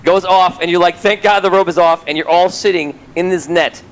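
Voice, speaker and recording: A man's voice: high voice, fairly even intonation, a little fast, a little hiss or hum, low-quality recording. A man narrating as game master of a tabletop game, laughing often as he tells what happens.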